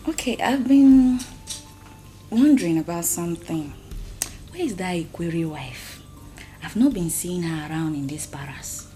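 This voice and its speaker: An actress with a Nigerian accent playing a sly, prying wife in a royal palace. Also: female voice, fairly low pitch, measured pace, mellow, natural voice.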